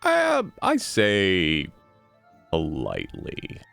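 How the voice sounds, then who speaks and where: A man's voice: low voice, extremely slow, gravelly, music in the background. A man chatting casually and laughing while playing a story game with a friend. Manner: laughing, excitable asides. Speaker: game streamer. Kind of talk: casual let's play chat.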